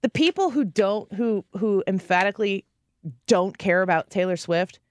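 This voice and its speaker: A woman's voice: mid-range voice, animated, moderate pace. A woman co-hosting a radio talk show, chatting casually and giving opinionated takes with wry asides. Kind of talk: casual chat. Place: radio studio.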